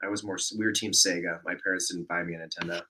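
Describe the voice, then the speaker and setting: A man's voice: low-pitched, fairly even intonation, rapid-fire, pushed and bright. A man co-hosting a casual livestream, rambling and chatting easily from an indoor apartment. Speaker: livestream co-host.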